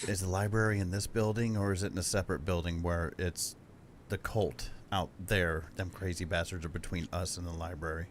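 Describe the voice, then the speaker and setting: A man's voice: low voice, fairly even intonation, a little fast, a little hiss or hum. A man playing a tabletop horror game, crude and joking, swearing freely. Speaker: player. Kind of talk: tabletop game play, casual.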